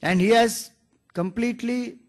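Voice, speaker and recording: A man's voice: very high-pitched, measured pace. A man, giving an earnest spiritual discourse and quoting scripture as a teacher. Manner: earnest, explanatory, quotes scripture.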